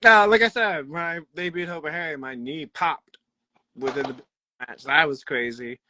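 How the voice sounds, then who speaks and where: Animated young man telling wrestling stories. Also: fairly high pitch, normal speed, a little hiss or hum. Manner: rambling, animated, laughs often, acts out quotes. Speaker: pro wrestler guest. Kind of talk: casual interview storytelling.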